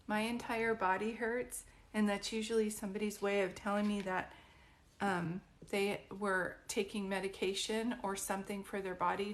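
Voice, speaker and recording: A woman doing a psychic reading on a live stream, chatty and reassuring, with many fillers and restarts. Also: medium pitch. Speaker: psychic medium.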